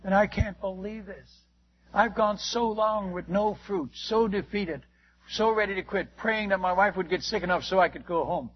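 An older man, a missionary preacher, telling stories in a sermon, animated and acting out the dialogue with frequent restarts. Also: sits high, normal speed, breathy edge, muffled recording. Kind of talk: sermon storytelling.

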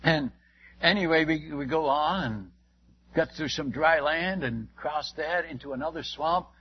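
Husky-voiced preacher telling a vivid testimony. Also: male voice, a little high, unhurried, muffled recording. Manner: vivid, emphatic storytelling with direct questions to listeners. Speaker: missionary telling his testimony. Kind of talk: testimony sermon to a congregation.

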